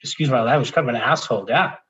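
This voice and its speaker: A man's voice: mid-range voice, fast talker. Candid storytelling man, slightly muffled audio. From Canada. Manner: animated, restarts often, laughs while telling. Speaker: interview guest.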